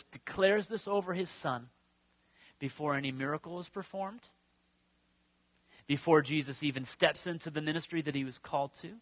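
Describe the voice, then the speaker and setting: A male pastor with a high, bright voice delivers a sermon. He stretches his key words out slowly and moves from ringing declarations down to soft, almost whispered passages. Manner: swings from loud declarations to hushed near-whispers; slow, drawn-out emphasis on key words.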